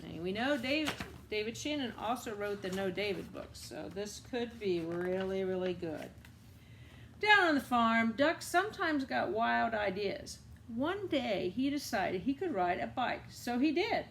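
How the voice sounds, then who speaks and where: Storybook reader, woman, lively sing-song voice, fairly high, asks the kids questions. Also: a little slow, slight background noise. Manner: animated, asides to children. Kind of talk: reading a picture book aloud.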